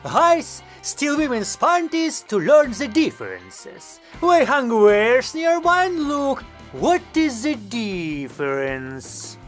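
A man voicing a cheeky, bubbly young woman who talks high and excitedly in an audiobook. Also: takes it slowly, few pauses, faint music behind, full character voice.

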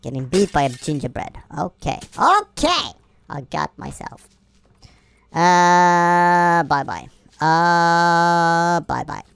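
Excitable woman yelling at a game. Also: lowish voice, takes it slowly, gravelly, no room sound. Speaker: gameplay commentator. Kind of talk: playing a video game and commenting.

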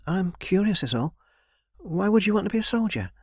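A man voicing a timid young woman servant who speaks softly and pleads. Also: sits high, big pitch swings, moderate pace, breathy edge, dry recording, studio quality, voice pushed up, full character voice. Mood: curious. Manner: soft, pleading.

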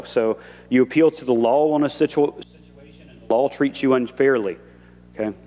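A man's voice: medium pitch, moderate pace, long pauses, warm tone, lo-fi sound. Male pastor, conversational sermon with acted quotes; church hall echo, muted audio. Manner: conversational preaching, acts out quoted lines. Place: church sanctuary.

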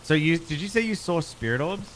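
A man calmly directing a teammate through a horror game. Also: fairly high pitch, a little fast. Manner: calm, directing the team. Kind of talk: casual gaming chat. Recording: noisy stream audio.

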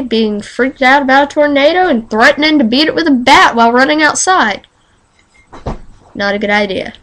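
A teenage girl with a slight lisp from retainers, vlogging at home in a dramatic, excitable way. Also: fairly high pitch. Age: teens. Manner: excitable and dramatic, breaks into squealing panicked quotes. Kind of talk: casual vlog monologue.

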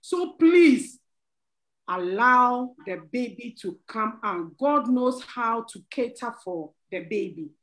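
A woman's voice: a little high, animated, slow pace, a bit bright, poor audio. Earnest woman, pleading, laughing. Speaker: panel guest. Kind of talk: church talk show sharing testimony.

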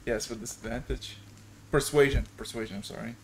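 A man's voice: medium pitch, steady tone, fairly quick, slight background noise. A man running a tabletop game as game master, narrating scenes in a rambling, hesitant way with many fillers.

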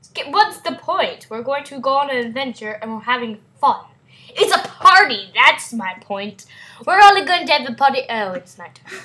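Giddy, giggly high-voiced woman gamer. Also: sing-song, moderate pace, sharp tone, low-quality recording. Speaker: game video host. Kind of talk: casual gameplay chat.

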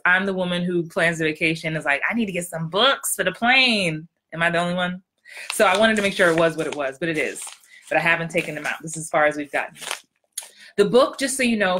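A woman acting coach talking to viewers in a casual livestream, excitable and upbeat. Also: lowish voice.

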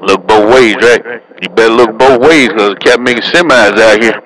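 A man's voice: lowish voice, moderate pace, a crowd in the background, low-quality recording. A man driving a truck, trading teasing, slangy banter and radio handles over the CB. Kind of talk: CB radio chatter.

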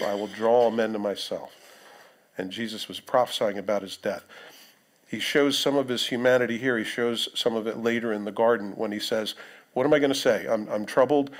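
Speaking in a mid-range voice, a man delivers a sermon in a relaxed, talking style. He reads passages of scripture and asks his congregation questions.

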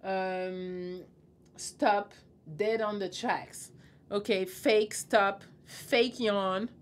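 A woman's voice: medium pitch, fairly even intonation, extremely slow. Woman, young adult, live-stream host, casual chat, blunt and teasing, laughs a lot. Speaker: host reading viewer comments.

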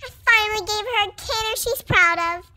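A woman's voice: very high-pitched, brisk, sharp tone, slight background noise, heavily acted. A woman voicing a cheeky young mare, a project pony, chatting playfully in a teasing comic voice-over with lots of "like".

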